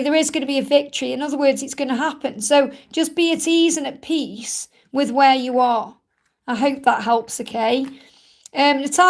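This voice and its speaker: A woman with a high voice reads tarot cards for viewers on a live stream. She reassures them and repeats her points. Her voice is a bit croaky from talking a lot. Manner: reassuring, repetitive, reads viewer questions aloud. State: croaky from overuse. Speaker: tarot reader hosting a live Q&A. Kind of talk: live stream card reading.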